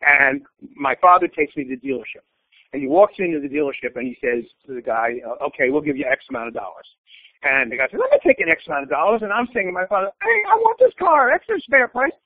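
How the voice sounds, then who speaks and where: Heard over a tinny phone line, this interview guest is an older man, a blunt storyteller with strong opinions. His voice is a little high and animated, he talks quickly, and there's no echo in the conversational exchange.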